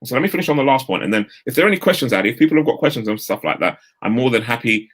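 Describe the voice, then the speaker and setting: Guy in his 50s on a video call, talks quick and straight, lots of slang. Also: medium pitch, husky. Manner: energetic, straight-talking, uses London street slang. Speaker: guest speaker. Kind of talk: motivational talk on a video call.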